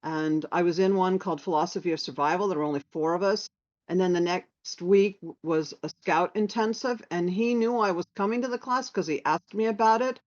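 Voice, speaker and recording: Woman, casual storyteller, lively delivery, muffled lo-fi audio. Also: on the low side, brisk. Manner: animated, quoting others in lively voices. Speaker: storyteller sharing memories. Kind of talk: casual spoken anecdote. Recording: dull lo-fi sound.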